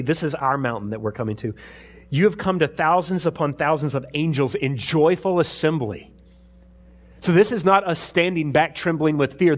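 A man preaching a sermon in a conversational way, reading scripture aloud and explaining it. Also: on the high side. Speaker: pastor.

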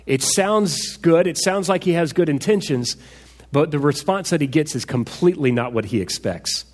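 A pastor preaching in an echoey hall. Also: male voice, a little high, expressive, moderate pace. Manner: conversational, asks rhetorical questions. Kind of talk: sermon.

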